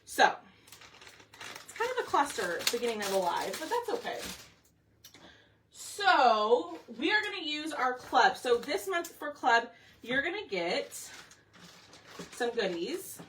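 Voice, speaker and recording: A woman's voice: high voice, big pitch swings, a little slow, fairly bright tone, distant mic, a little hiss or hum. A woman hosting a craft livestream, chatty and a bit scattered, out of breath as she talks to viewers. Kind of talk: casual livestream chat. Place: home craft room.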